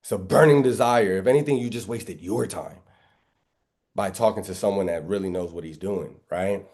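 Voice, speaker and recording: A trading instructor with a deep, slightly mellow voice speaks at a normal pace during a live screen-share trading lesson. He's emphatic and preachy, firing off rhetorical questions and biblical references and repeatedly asking "right?"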